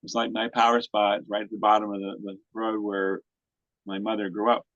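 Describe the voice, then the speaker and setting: A man's voice: on the low side, monotone, brisk, fairly bright tone, no room sound. A man in his sixties at a retreat discussion, telling a story to a group in a folksy, meandering way. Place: retreat center meeting room. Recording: dull, lo-fi, dry sound.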